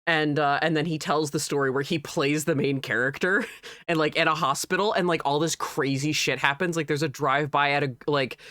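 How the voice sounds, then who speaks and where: A man chatting casually on a game stream, rambling and excitable, often laughing. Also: fairly high pitch, fairly quick, dry recording, clean studio sound.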